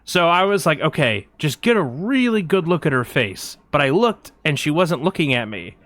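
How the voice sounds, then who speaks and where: A man's voice: on the high side, very animated, moderate pace, a bit bright, no room sound. A man co-hosting a podcast, telling a long, rambling anecdote in casual chat with lots of fillers, recorded on a close mic. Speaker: podcast co-host.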